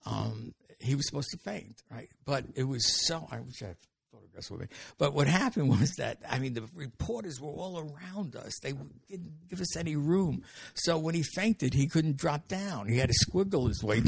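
Older male guest with a gravelly, husky voice, recorded dry and close, who tells stories animatedly and acts out the dialogue. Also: medium pitch, dry recording. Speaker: interview guest. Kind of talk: anecdotal storytelling.

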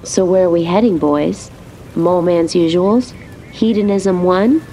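A woman voicing a sassy female yacht computer that is bossy and quick to scold. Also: lowish voice, warm tone, a little hiss or hum, poor audio.

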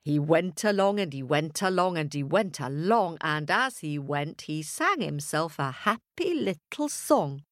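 A woman telling a children's story, playful and animated, making sound effects. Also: low-pitched, unhurried, hardly any pauses, no echo, clean studio sound.

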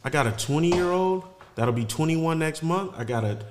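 A man's voice: fairly high pitch, lively intonation, moderate pace, background noise. A man in his forties, a podcast guest, joking bluntly and swearing in casual chat. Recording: echoey room with chatter.

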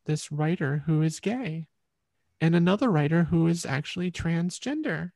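A woman's voice: on the low side, darkish tone, no echo, studio quality. A woman musician, a guest in an interview, telling her story in a rambling, reflective way.

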